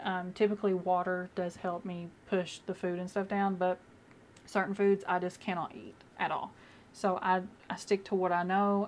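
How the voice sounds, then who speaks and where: A woman's voice: lowish voice, a little hiss or hum. A young woman vlogging casually as she does her makeup, chatty and rambling with many fillers, at home. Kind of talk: casual get-ready-with-me chat.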